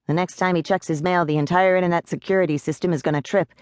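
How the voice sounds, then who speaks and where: A woman's voice: on the low side, steady tone, fast talker, clear, resonant tone, dry recording, studio quality, close to an everyday voice. A woman voicing a tiny, fussy male pixie who whines and complains. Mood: urgent. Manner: whiny, complaining.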